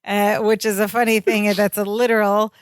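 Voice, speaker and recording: A woman co-hosting a podcast, casually recapping a sitcom episode in a chatty storytelling way, with fillers and quick self-corrections. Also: medium pitch, flat delivery, clean tone. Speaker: podcast co-host.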